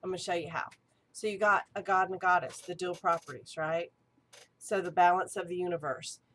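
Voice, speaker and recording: A woman's voice: lowish voice, steady tone, brisk, fairly bright tone, slight background noise. A woman, an archpriestess and ritual director, giving an eager, chatty teaching talk.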